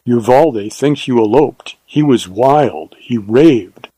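A man's voice: mid-range voice, lively intonation, mellow. A man voicing a devoted Texas ranger in a read-aloud western, speaking earnestly and a little huskily. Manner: earnest, husky, slow.

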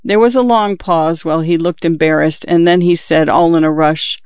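A man narrating a literary novel in a measured, reflective way. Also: on the high side, vocal fry, a little mellow, dry recording. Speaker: audiobook narrator. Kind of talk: literary audiobook reading. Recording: dull dry recording.

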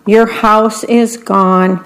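A woman voicing a gentle, easygoing male grasshopper, calm and mild. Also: mid-range voice, very slow, low-quality recording.

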